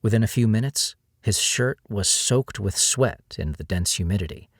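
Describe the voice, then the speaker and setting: A man narrating a novel as an audiobook in a steady storytelling read. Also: on the low side, normal speed, dry recording, studio quality. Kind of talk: scripted narration.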